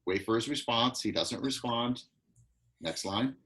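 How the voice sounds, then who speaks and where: A man's voice: medium pitch, a bit bright, rough recording. Man coaching actors over a video call. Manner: directive, coaching with quick repeated instructions. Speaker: acting coach. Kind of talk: live online acting class.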